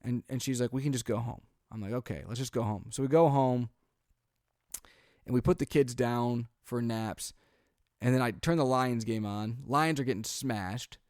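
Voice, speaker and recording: A man's voice: mid-range voice, moderate pace, no room sound, studio quality. A man in his thirties, a father co-hosting a podcast, telling a long family story casually, acting out quotes and filling gaps with "like" and "um". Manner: animated storyteller, acts out quotes, frequent "like" and "um". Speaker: podcast co-host.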